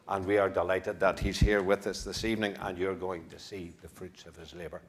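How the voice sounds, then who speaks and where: A man's voice: low voice, steady tone, normal speed, few pauses. A man, speaking for a choir and introducing the evening's host in a large church through a stage microphone, upbeat and full of praise with light asides. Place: large church at a live concert.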